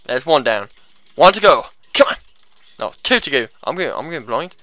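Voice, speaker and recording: A man giving excitable gameplay commentary, often yelling in panic and swearing. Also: mid-range voice, moderate pace, dry recording.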